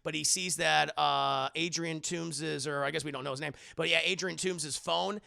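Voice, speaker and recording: A man recapping a film on a casual livestream, animated and crude, swearing freely and slipping into voices for the scenes. His voice sits high for a man, gravelly, with a bright and forceful edge. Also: normal speed. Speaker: streamer film reviewer.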